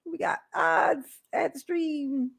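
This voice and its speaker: A woman's voice: high voice, slow, creaky, a bit bright. A woman live streamer, chatting casually with viewers, rambling and laughing often.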